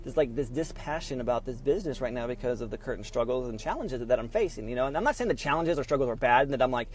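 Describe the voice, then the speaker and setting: A man's voice: mid-range voice, animated, fast, a little hiss or hum, poor audio. Rambling man vlogging from his car. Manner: rambling, full of fillers and restarts. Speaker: real estate investor vlog host. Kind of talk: casual talking vlog while driving. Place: inside a car on the road.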